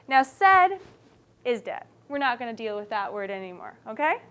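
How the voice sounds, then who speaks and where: High-pitched female teacher, animated classroom delivery, keeps checking in with her students. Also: moderate pace. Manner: animated, checks understanding often. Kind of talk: classroom writing lesson.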